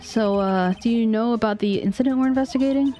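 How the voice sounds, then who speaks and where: A woman's voice: fairly high pitch, quick pace, mellow, faint music behind, lightly acted. A woman reading the lines of a nervous, wry young male defense lawyer with dry sarcastic asides. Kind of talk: reading game dialogue aloud.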